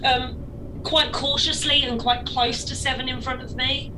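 High-voiced woman player, distant and noisy. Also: steady tone, a little slow. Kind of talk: casual chat at a game table.

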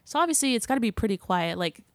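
A woman's voice: on the high side, big pitch swings, fast talker, no room sound. Chatty young woman, dry close mic. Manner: chatty, filler-heavy, laughing storyteller. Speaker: actor guest. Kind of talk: casual interview anecdote.

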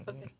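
A woman asking playful, teasing questions in a casual podcast chat. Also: warm tone. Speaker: co-interviewer.

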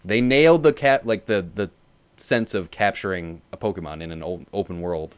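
A man's voice: sits low, normal speed, clear, resonant tone. A man co-hosting a casual podcast chat, laid-back and casually profane, moving the talk along. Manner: laid-back, swears casually, steers the conversation. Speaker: podcast co-host.

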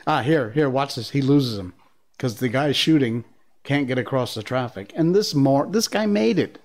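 A man hosting a live stream, reacting to clips and telling stories in a rambling, excitable way with frequent laughs. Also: mid-range voice, normal speed. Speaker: livestream host. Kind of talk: casual live-stream commentary.

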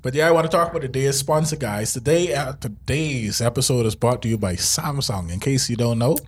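A man's voice: mid-range voice, fairly quick, husky. A man co-hosting a podcast, in casual joking chat with a rambling, laid-back manner. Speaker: podcast co-host.

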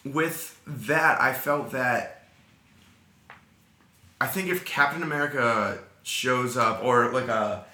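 Bright-voiced man chatting on a podcast. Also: medium pitch, slow, pauses often. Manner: rambling with many fillers. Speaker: podcast co-host. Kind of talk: casual chat. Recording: roomy echo.

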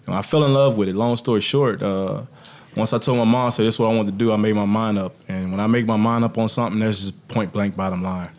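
A former NFL player from the United States, appearing as a guest, tells his own life story in casual chat. His voice is fairly low and quick-paced, and as an animated storyteller he acts out what other people said.

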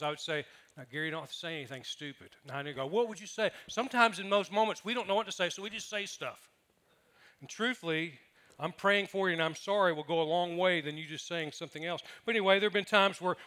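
A man's voice: sits high, pushed and bright. A man preaching a sermon as pastor, telling funny personal stories and acting out what people said. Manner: humorous storytelling with acted quotes.

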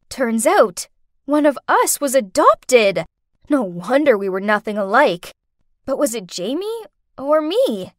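A woman's voice: on the high side, big pitch swings, unhurried, a bit bright, dry recording, clean studio sound. A woman narrating a first-person story as an exasperated teenage girl, with a dramatic delivery.

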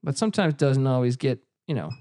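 A man's voice: mid-range voice, expressive, brisk, warm tone. A man hosting a casual podcast, telling stories in a rambling, profane way with lots of fillers. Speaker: podcast host. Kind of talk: casual chat.

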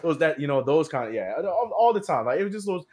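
A man in casual chat about fatherhood, talking haltingly with many restarts and laughs. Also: fairly high pitch, sing-song, a little mellow. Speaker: podcast co-host, father.

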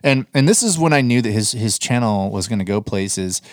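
Lower-voiced guy cohosting a podcast, animated and blunt, swears a lot, dry close sound. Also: a little fast, no room sound. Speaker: podcast co-host. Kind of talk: casual podcast chat.

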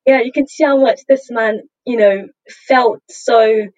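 A woman hosting a podcast, telling stories in an animated, chatty way with plenty of fillers. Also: on the high side, a little slow, no echo. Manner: animated, chatty storytelling with many fillers and laughs. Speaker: podcast host. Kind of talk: casual chat. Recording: dull, dry lo-fi audio.

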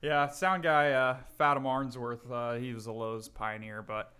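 A man's voice: mid-range voice, little pitch movement, unhurried, bright, forceful tone, clean tone. A man co-hosting a podcast in casual chat, playful and teasing. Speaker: podcast co-host.

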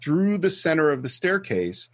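A man's voice: a little high, moderate pace, slight background noise. A man hosting a podcast, casually walking his co-host through a movie scene by scene and explaining how it was filmed. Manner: lively storyteller explaining scenes and behind-the-scenes facts. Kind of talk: casual film-discussion chat.

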